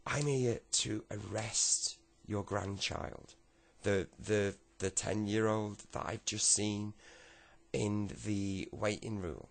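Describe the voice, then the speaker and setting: A man playing a male police officer who talks calmly and coaxingly, urging someone to relax. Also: on the low side, slow pace, gravelly, heavily acted. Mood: brisk. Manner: reassuring, coaxing.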